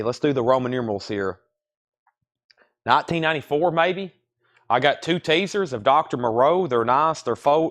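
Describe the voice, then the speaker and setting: A man's voice: mid-range voice, a bit bright. Chatty man hosting a livestream. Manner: rambling, self-deprecating, chatty while eating. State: coughing, throat choked. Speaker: live sale host. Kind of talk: casual livestream chat.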